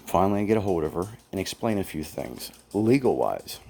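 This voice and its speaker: A man's voice: sits low, very animated, a little fast, creaky, mellow. A man telling his own story in a casual first-person account, aggrieved, blunt and profane, quoting what others said to him. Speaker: former employee telling his grievances.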